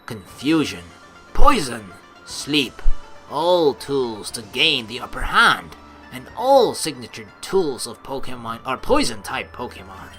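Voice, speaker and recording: A woman voicing a sly, stern male teacher of poison tactics in a visual novel, speaking in a grave, measured, commanding way. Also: extremely low pitch, very animated, sharp tone, faint music behind, voice pushed down, full character voice.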